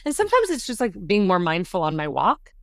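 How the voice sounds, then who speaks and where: A middle-aged woman, a podcast guest, telling a story in a casual, animated way, often saying "like" and jumping high when she acts out quotes. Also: quick pace, dry recording, clean studio sound. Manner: animated, says "like" often, jumps to high pitch acting out quotes.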